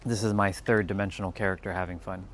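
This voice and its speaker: A man's voice: low-pitched, fairly even intonation, quick pace, a little hiss or hum. A man from California hosting a casual livestream, chatting and counting reps between exercises. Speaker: livestream host. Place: outdoors in hot weather.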